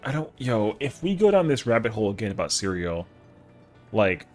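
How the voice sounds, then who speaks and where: A man's voice: on the low side, sing-song, normal speed, darkish tone, soft background music. A man streaming a game live, chatting casually with viewers in a rambling, slangy way. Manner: rambling, slangy, answers chat.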